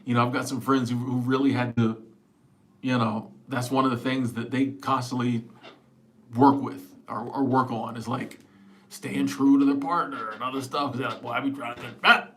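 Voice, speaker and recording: A man's voice: mid-range voice, steady tone, moderate pace, a little hiss or hum. A middle-aged man hosting a casual livestream. He reads viewer comments aloud, laughs often, and stumbles over repeated words while talking on a small clip-on mic at home. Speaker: livestream host. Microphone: small clip-on wireless mic.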